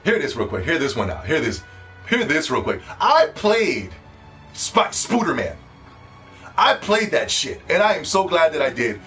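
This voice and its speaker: This video game commentator has a fairly high, fairly bright voice with big swings in pitch and a moderate pace. His commentary is a profane rant full of scorn, mocking other players, with faint music audible behind him.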